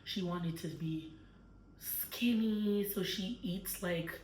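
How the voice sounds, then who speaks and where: A woman's voice: lowish voice, slow, darkish tone, slight background noise. A woman recapping a book in a casual chat, telling the story with lots of fillers. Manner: chatty storytelling with many fillers. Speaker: book club host. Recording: echoey room, far from mic.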